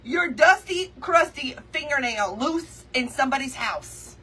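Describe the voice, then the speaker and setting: A high, bright-voiced woman, chatting away to her livestream viewers as she tells a story. She talks in an animated, gossipy way, calling everyone girl and y'all, over a faint hum of room noise. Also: a little slow, hardly any pauses, distant mic. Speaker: craft livestream host. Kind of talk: casual storytelling chat with viewers.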